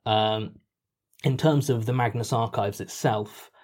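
A man's voice: mid-range voice, a little slow, a little mellow. A British man answering interview questions casually, hesitant with many fillers and dry self-mocking jokes. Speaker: podcast writer and performer.

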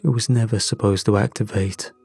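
A man's voice: on the low side, steady tone, brisk, gravelly, breathy edge, faint music behind. A man doing a worn-out middle-aged scientist. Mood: hushed, shaken. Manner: hushed, strained, voice catching. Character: exhausted shaken male scientist in his fifties.

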